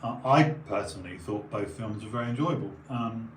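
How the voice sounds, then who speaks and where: A man's voice: fairly low pitch, a little fast. Rambling man streaming, tired. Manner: rambling, digressive, frequent ums and restarts. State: runny nose, tired. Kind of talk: casual rambling chat. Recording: echoey room, faint background noise.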